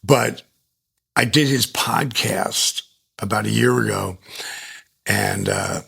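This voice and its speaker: An older man with a deeply gravelly, husky voice, spinning loose, profane stories as an interview guest. His delivery is animated, and he slips into other people's voices as he goes. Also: slow pace. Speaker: guest, retired wrestler. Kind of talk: casual storytelling in an interview.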